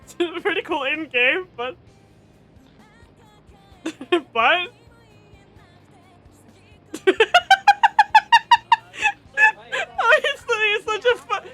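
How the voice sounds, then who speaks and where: A woman's voice: extremely high pitch, very animated, slow, pauses often, pushed and bright, soft background music. A woman streamer giving gushing live-stream reaction commentary, laughing often between her remarks.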